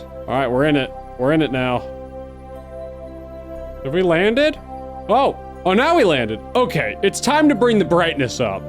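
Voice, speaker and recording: Faint music plays behind a young gaming YouTuber as he excitedly commentates his let's-play, speaking to viewers and to himself. His voice is fairly high and a little slow, with frequent pauses, and he often stammers and starts sentences over.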